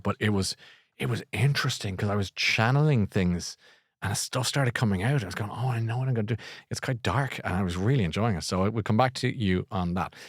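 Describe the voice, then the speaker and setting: A man's voice: on the low side, no room sound, clean studio sound. A middle-aged Irish man hosting a live podcast, rambling in a chatty, easygoing way and laughing often. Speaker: podcast host. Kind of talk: casual live chat.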